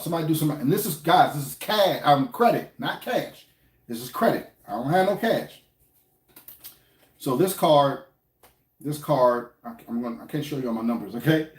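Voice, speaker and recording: A middle-aged man with an African American English accent, talking casually to the camera about money, repeating himself and asking viewers questions. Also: medium pitch. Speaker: finance vlogger. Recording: echoey room.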